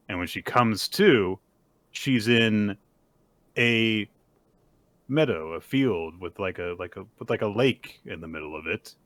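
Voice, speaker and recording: A man co-hosting a casual podcast, retelling a story with lively acted-out quotes. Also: on the low side, measured pace, no echo. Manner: animated storyteller, acts out quotes in bursts. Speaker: podcast co-host. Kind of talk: casual chat recapping manga.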